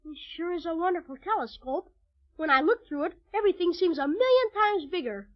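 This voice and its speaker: An actress playing an eager, excitable young boy in an old radio drama, bursting into exclamations. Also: very high voice, fairly quick. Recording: dull old radio recording.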